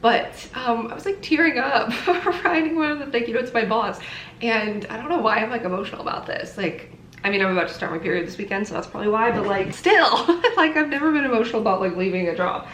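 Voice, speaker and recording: A young woman in her twenties chats to her camera in a loose, rambling vlog style, laughing easily between thoughts. Her voice sits a little on the high side. The recording is roomy and echoey, with a faint hum of ambience behind her. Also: animated, fast, a bit bright. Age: 20s. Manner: chatty, rambling, often laughing. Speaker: lifestyle vlogger. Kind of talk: casual vlog talk to camera. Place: apartment and city streets.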